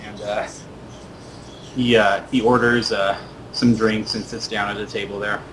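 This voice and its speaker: Low-voiced man narrating a tabletop game. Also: level tone, measured pace, fairly bright tone. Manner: loose, filler-heavy narration. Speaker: game master. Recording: noisy recording with rumble.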